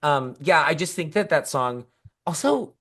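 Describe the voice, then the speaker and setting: A woman's voice: low voice, expressive, a little slow, a bit bright. A woman co-hosting a pop music podcast in casual chat, talking enthusiastically with lots of fillers. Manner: chatty, enthusiastic, many fillers. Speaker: podcast co-host.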